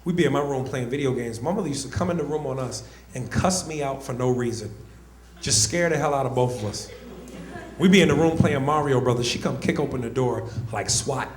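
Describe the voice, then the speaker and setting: A man's voice: mid-range voice, a little fast, echoey room. A man doing stand-up comedy, telling brash stories to a club audience. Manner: brash, storytelling.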